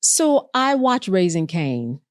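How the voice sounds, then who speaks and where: A woman co-host with a notably low voice, speaking in a reflective, affirming tone. The sound is close and dry, with almost no room echo. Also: big pitch swings, slow. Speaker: podcast co-host. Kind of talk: casual chat.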